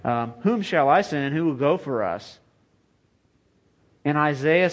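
Male pastor, higher-pitched voice, conversational earnest sermon delivery. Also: expressive, measured pace, long pauses. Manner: conversational, earnest preaching with many "you know" fillers.

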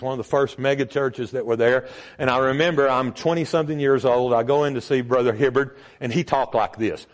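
An older man preaching a sermon as pastor, emphatic, with sudden jumps in pitch and volume.

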